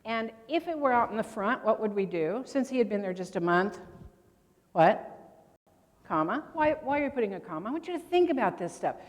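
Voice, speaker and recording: This older woman sounds a little high and very animated, talking slightly quickly as she presents grammar to a convention workshop. Chatty, she quizzes the audience, and the large hall adds a long reverb.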